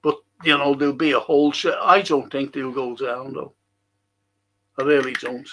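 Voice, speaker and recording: A man's voice: mid-range voice, steady tone, normal speed, a bit bright. A man hosting a casual livestream, rambling as he reads viewers' chat comments aloud and swears now and then.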